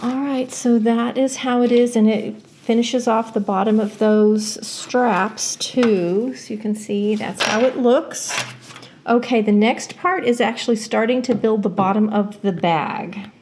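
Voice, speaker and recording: A woman's voice: on the high side, fairly even intonation, measured pace, darkish tone, slight background noise. A woman hosting a casual sewing tutorial from her home sewing room, chatty and self-deprecating, with plenty of fillers. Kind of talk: casual step-by-step sewing demonstration.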